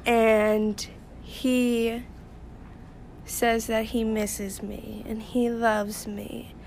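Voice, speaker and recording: A woman's voice: fairly high pitch, flat delivery, very slow, vocal fry, darkish tone, slight background noise. A woman guest candidly telling a personal story in casual chat.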